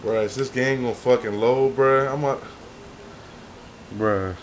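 A young man swearing and venting through gameplay commentary, with loud outbursts that sink into low, weary muttering. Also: fairly even intonation, measured pace, pauses often, a little hiss or hum. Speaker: gaming YouTuber.

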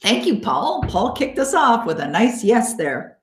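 A woman hosting a live online coaching webinar, encouraging and upbeat, thanking listeners by name and slowing down to guide them. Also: medium pitch, sing-song, slight background noise. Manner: slow, coaxing guidance in visualization parts. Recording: echoey room.

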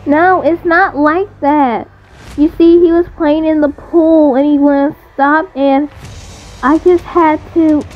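A woman's voice: high-pitched, steady tone, slow, lo-fi sound, soft background music. A woman voicing a young babysitter who pleads and apologizes. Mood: pleading.

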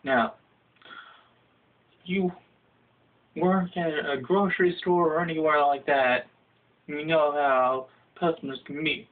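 A young man telling a comedic, profane story in a casual ranting way, jumping into high shouted voices for the people he quotes. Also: steady tone, slow, pauses often. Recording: phone-like lo-fi audio.

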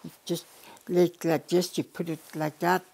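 An older woman from the Yukon with a notably low voice recounts an old family story as an elder storyteller. She speaks plainly and unhurriedly, often going back over her words and starting phrases again. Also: flat delivery, measured pace, vocal fry, a little mellow. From Yukon, Canada. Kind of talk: oral storytelling.

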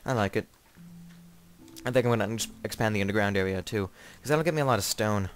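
Young male gamer, slightly low voice, rambling joking commentary, startles easily. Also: quick pace, faint music behind. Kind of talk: casual let's play commentary.

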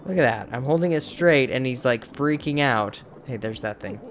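Let's play host, male, mid-range voice, slow and exasperated, mild minced oaths. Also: medium pitch, noisy background. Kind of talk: casual gameplay commentary.

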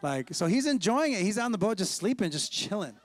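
A man's voice: high-pitched, big pitch swings, a little fast, dry recording. A male pastor preaching a sermon, telling the story playfully in casual slang. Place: church.

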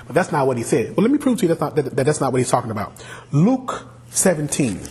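A male pastor preaching a sermon, animated, often asking the congregation questions. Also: on the high side, fast. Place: church sanctuary.

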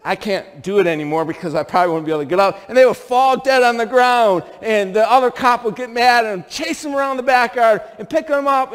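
A middle-aged pastor from upstate New York delivers a sermon with a high voice that leaps all over its range. He spins stories and keeps asking the congregation questions. His voice rings with a long church hall reverb. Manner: animated storytelling with rhetorical questions to the congregation. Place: church sanctuary.

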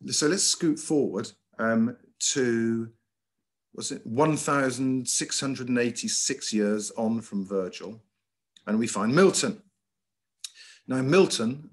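A middle-aged man, a headmaster giving a lively, emphatic lecture over a video call, with frequent ums and uhs. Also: medium pitch. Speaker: school headmaster giving a talk. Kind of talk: lecture with slides.

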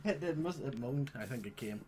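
Excitable sweary gamer man. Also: mid-range voice, heavy background noise. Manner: excitable, sweary, chatty, teasing the animals. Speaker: gaming channel host. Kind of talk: casual gameplay commentary.

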